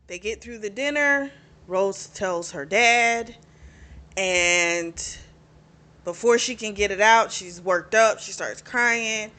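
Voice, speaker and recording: Chatty and quick to laugh, this book reviewer walks through a novel's story with plenty of "like" and "you know" fillers. Now and then she slips into a character's lines for a quick aside. Her voice is mid-range with a sharp tone.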